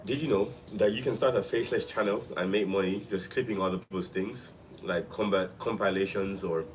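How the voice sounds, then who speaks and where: A man with a notably low voice hosts a casual live stream, drifting loosely from thought to thought and repeating phrases. He is a little sick, and his voice sounds slightly off. A faint hum of background noise sits behind him. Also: poor audio. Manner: loose, rambling, repeats himself.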